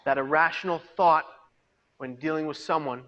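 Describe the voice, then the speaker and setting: A man giving a personal testimony as a peer mentor, storytelling dramatically and swinging between hushed and loud delivery. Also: on the high side, steady tone, moderate pace, highs cut off. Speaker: peer mentor and suicide prevention speaker. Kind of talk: personal testimony to a live audience. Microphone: video call.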